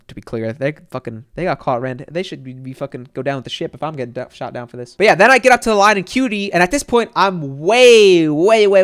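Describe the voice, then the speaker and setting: A young man, a streamer, telling a casual story in an excitable, profane, rambling way. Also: on the high side.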